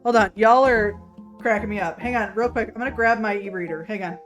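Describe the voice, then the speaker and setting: A woman streaming from her room, chatting casually with her viewers at an ordinary middle pitch. She laughs easily and reads chat aloud in a loose, rambling way, with soft music playing faintly behind. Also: fairly quick. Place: home room.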